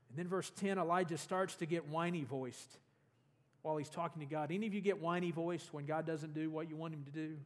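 A man's voice: fairly high pitch, fairly quick. A man preaching a sermon as pastor in a church sanctuary, earnest, letting his voice fall away at the ends of phrases. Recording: long hall reverb.

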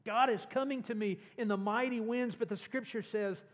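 A man's voice: high-pitched, fairly even intonation, moderate pace. A man preaching a sermon as pastor in a church sanctuary, earnest, letting his voice fall away at the ends of phrases. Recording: long hall reverb.

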